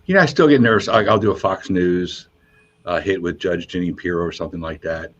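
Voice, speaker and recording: Veteran radio DJ guest, low husky voice, animated raconteur, slightly dull lo-fi sound. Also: male voice, a little fast. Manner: animated storyteller, voices quotes with high pitch jumps. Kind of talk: casual storytelling interview. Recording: muffled lo-fi sound.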